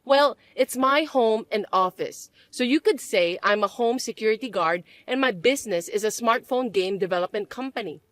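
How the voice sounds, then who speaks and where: A woman voicing a calm young businesswoman who answers in a cool, measured, dry way. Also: fairly high pitch, no echo, natural voice. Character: calm self-made businesswoman, young adult. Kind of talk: dramatized story dub.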